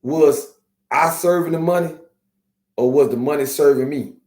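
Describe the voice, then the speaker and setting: A man hosting a podcast, talking casually and streetwise to his viewers, slowing down to preach his points. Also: fairly high pitch, a little mellow. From Miami. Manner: streetwise, preachy, drawn-out slow emphasis. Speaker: podcast host. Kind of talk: casual live-stream talk to viewers. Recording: echoey room.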